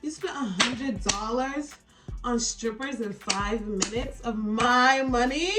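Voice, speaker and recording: A woman vlogger with a fairly high voice tells a get-ready-with-me storytime. She talks in an animated, exasperated way and swears often. Faint music plays behind her. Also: slow. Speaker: beauty vlogger.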